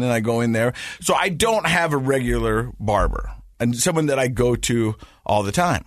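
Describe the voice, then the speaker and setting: A man hosting a podcast in casual chat, playful and animated as he tells stories. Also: medium pitch, brisk, no room sound, studio quality. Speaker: podcast host.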